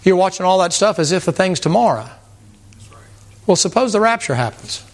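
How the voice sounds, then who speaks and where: A man preaching a sermon to a congregation in a folksy, animated way, repeating words and mimicking sounds. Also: sits high, a little fast. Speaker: pastor. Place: church sanctuary with congregation.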